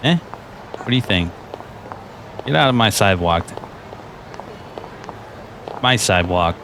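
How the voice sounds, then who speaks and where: A belligerent New York street tough, as a man puts him on barks at passersby in a gruff, confrontational way. The voice sits fairly low. A clear layer of game noise runs beneath it. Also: animated, a little slow, fairly bright tone. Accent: New York put-on. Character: brash male street tough strutting on a sidewalk.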